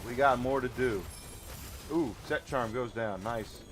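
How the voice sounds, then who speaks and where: A man's voice: medium pitch, a little slow, a little hiss or hum. Chatty male game streamer. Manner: chatty, thanks viewers while playing. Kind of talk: casual live-stream commentary.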